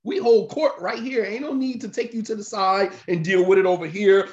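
A man's voice: sits high, expressive, normal speed, hardly any pauses, a little mellow. A man giving an informal sermon, repeating his points emphatically in a conversational way. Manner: repetitive, emphatic, conversational preaching. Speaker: religious teacher. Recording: roomy, dull lo-fi recording.

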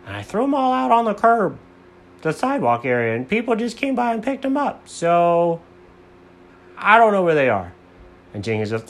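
A man's voice: high voice, wildly swooping pitch, moderate pace. A man improvising a playful bedtime story for his child. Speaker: father telling a bedtime story.

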